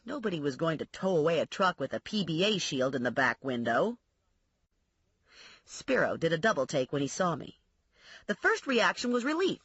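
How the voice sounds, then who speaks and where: A woman narrating an audiobook in a wry, expressive storytelling manner, with a husky voice. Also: mid-range voice, no echo, lo-fi sound.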